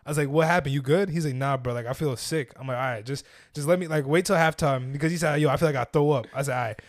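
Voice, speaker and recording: A man's voice: a little high, racing, no room sound, clean studio sound. A young man who kept score at the game, telling a story in casual chat, slangy and laughing often.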